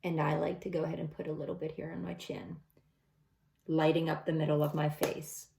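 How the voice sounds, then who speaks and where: A woman's voice: sits low, little pitch movement, a little fast, gravelly, background noise. A middle-aged woman talking through a makeup tutorial step by step in a casual, chatty way. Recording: echoey room.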